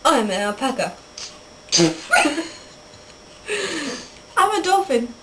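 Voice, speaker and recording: A woman's voice: sits high, animated, normal speed, recorded from a distance. A young woman doing silly animal noises for a home video, giggling between them. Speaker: vlogger. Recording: noisy home recording.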